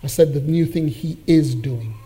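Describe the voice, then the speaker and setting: A man delivering a sermon in a high, mellow voice. He preaches emphatically, rising and pushing hard on the phrases he wants to land. It is a pastor addressing his congregation. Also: normal speed. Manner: emphatic preaching that builds in force on key phrases.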